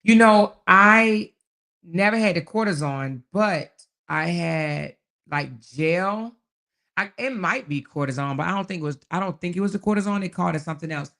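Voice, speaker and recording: A woman hosts a relaxed live chat and reads out comments from her viewers. She speaks in a folksy, affectionate way and calls people baby, child and honey. Her voice is gravelly and full of fry, and she laughs often as she talks. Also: fairly low pitch, normal speed. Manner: laughs often while talking. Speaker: livestream host.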